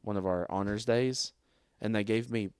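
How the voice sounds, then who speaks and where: A man's voice: on the low side, normal speed, smooth, dry recording, studio quality. A man, co-hosting a podcast in casual chat, telling stories with swearing and laughter. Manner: animated storyteller, swears often, laughs at himself. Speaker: podcast co-host.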